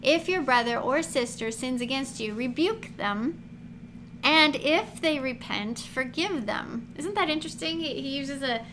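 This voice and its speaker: A high-voiced woman gives a casual Bible lesson to camera, talking a little slowly in a chatty, animated way, laughing often and acting out quotes. Noticeable background noise is in the recording.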